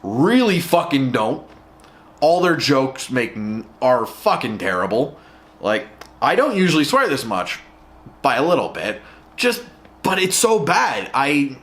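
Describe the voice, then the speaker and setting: Male reviewer, slightly high voice, lively swings, profane exasperated rant. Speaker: show reviewer. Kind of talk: ranting review vlog.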